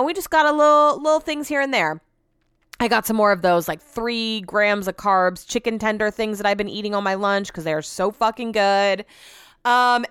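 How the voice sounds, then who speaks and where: A young woman hosting a podcast, telling a story in a chatty, animated way and acting out everyone's lines. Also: mid-range voice, smooth, no echo, clean studio sound. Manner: chatty, animated, quotes herself and others; laughs while telling the story. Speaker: podcast host. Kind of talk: casual storytelling chat.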